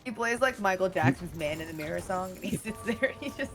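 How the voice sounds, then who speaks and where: A woman's voice: fairly low pitch, fast talker, over loud music. A young woman chatting casually on a gaming stream, laughing often as she improvises a silly story. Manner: giggly, animated storyteller. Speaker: streamer's guest player.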